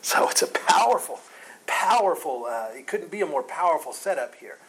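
Walking through a Bible chapter one verse at a time, this man speaks with a fairly high voice at a moderate pace, with a faint hiss or hum on the audio. He's lively and conversational, voicing the characters sarcastically and laughing along.

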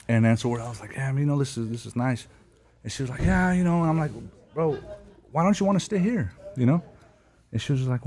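A man's voice: mid-range voice, darkish tone. Dude in his 30s rambling through old stories, cussing nonstop, laid-back slangy chat. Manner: slangy, profane, storytelling with laughs. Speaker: guest telling war stories. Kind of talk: casual podcast chat.

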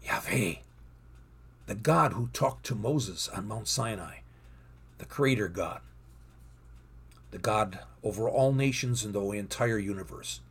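Earnest husky-voiced man teaching scripture. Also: fairly low pitch, animated, a little slow, long pauses. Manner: earnest, reads scripture aloud with rising emphasis. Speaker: Bible teacher. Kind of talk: teaching sermon.

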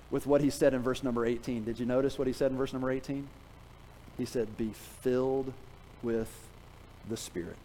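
A middle-aged man preaches in a church with a fairly high voice. He tells a story with lively humor and teases the congregation. He sinks to a quiet, earnest tone when he presses his point. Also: poor audio. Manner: animated storytelling, jokes with the congregation; drops to a quiet, earnest tone for emphasis. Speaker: pastor. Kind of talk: sermon. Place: church sanctuary.

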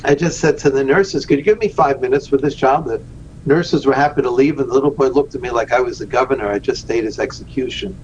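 An earnest man tells his story as a podcast guest, leaning on key words and slowing down to stress them. His voice comes over a dull, lo-fi remote line with a faint hiss underneath. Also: medium pitch, darkish tone. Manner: earnest, slows down for emphasis. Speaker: guest, rabbi and charity founder.

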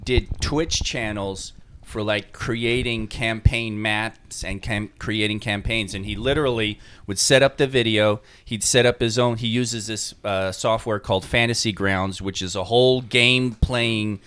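A man's voice: fairly low pitch, steady tone, measured pace, fairly bright tone, smooth. A man with a New York accent explaining things at length in a casual chat, with many fillers.

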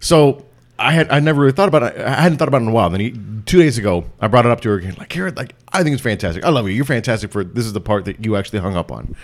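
Fast-talking crude podcast joker. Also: male voice, medium pitch, animated. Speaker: podcast co-host. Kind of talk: casual podcast chat.

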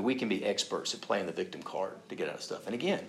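A man's voice: deep voice, expressive, quick pace, vocal fry, hardly any pauses. A man preaching a sermon. He talks conversationally, often checks in with the listeners, and acts out the voices of people he quotes. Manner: conversational, asks listeners questions. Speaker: pastor.

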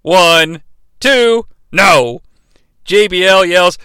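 A man's voice: high-pitched, animated, slow pace, pushed and bright, clear, resonant tone, dry recording, clean studio sound. A man hosting a podcast, reviewing a wrestling match solo in a profane, sarcastic, mock-outraged way. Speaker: podcast host.

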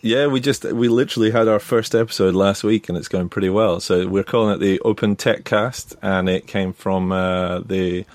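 A Scottish man talking as a guest on a tech podcast, relaxed and rambling with plenty of fillers. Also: low-pitched, moderate pace, few pauses, no room sound. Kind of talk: casual interview chat.

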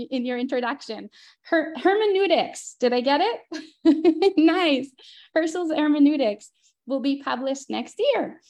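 A woman's voice: fairly high pitch, creaky. A woman hosting an online class, reading the speaker's introduction with frequent "uh" fillers. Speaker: host. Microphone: video call.

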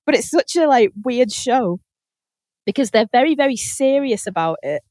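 A woman chatting on a podcast, her voice sitting a bit higher than most and sounding close and dry, with no room around it. She tells stories in an animated way, laughs often and swears freely. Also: normal speed, no echo. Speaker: podcast host. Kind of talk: casual chat.

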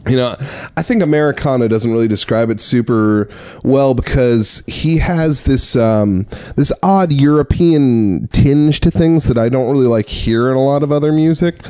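Man, podcast guest, mellow dark tone, loose rambling chat, dry close sound. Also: medium pitch, moderate pace, smooth, no echo. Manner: relaxed, rambling, many fillers. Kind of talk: casual chat.

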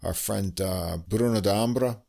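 A man hosting a jazz podcast, chatting casually about new piano records with lots of "uh" pauses. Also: fairly low pitch, gravelly. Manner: relaxed, many "uh" pauses, enthusiastic. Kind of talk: casual music review chat.

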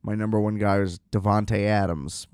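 A man's voice: on the low side, fairly even intonation, normal speed, a little mellow, clean tone, no room sound, clean studio sound. A man casually telling a rambling, self-deprecating story, often laughing at himself.

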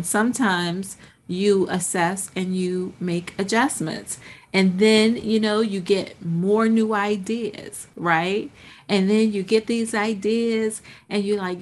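A woman hosting a podcast, giving an animated motivational monologue that acts out inner voices and keeps checking in with "right?". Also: mid-range voice. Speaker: podcast host.

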